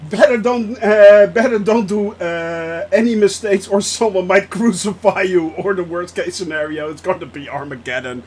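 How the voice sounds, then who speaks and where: A man's voice: high voice, normal speed, hardly any pauses, a little mellow, husky. A young man streaming a flight simulator, chatting casually with his viewers and laughing often. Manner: laughs often, reacts to chat. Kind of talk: casual live-stream chat.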